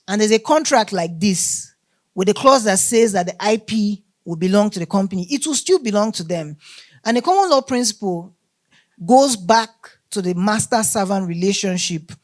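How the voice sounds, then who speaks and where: A woman teaching a workshop on law, emphatic and often checking that listeners follow. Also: medium pitch. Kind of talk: lecture to a live group.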